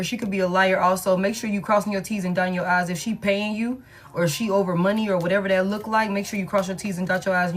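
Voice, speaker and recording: A woman giving a casual tarot reading in a blunt, repetitive, slangy way, often saying "you know what I'm saying,". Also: medium pitch. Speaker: tarot reader.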